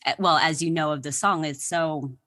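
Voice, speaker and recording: A woman guest on a podcast with a slightly low voice. She spins history anecdotes in a chatty, conversational way and giggles often. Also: steady tone, moderate pace, a bit bright. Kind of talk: casual interview chat.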